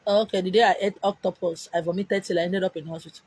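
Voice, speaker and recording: A young adult Nigerian woman telling a comic personal story, animated and exclaiming, mixing pidgin into her English. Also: on the low side, fast talker, breathy edge, dry recording. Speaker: vlogger.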